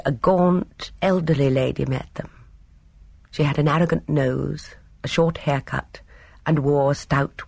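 An audiobook narrator reading a story in a measured, even manner. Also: medium pitch, creaky, breathy edge, no room sound. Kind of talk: scripted narration.

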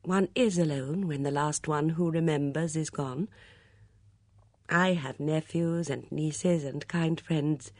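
An audiobook reader voicing a gentle, kindly elderly spinster detective who speaks softly and sympathetically, in a storybook reading. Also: medium pitch, slow pace, no room sound, studio quality. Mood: sympathetic. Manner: soft-spoken and sympathetic.

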